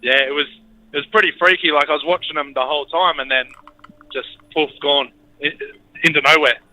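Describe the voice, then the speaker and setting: A man's voice: fairly high pitch, fairly even intonation, a little fast, sharp tone. Australian man telling a story on a phone call. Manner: laid-back, hesitant storytelling. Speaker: caller.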